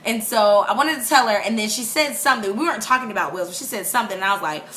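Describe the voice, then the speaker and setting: A young woman vlogging casually, telling a personal story in an animated way, laughing often and acting out what people said. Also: a little high, rapid-fire, few pauses, slight background noise.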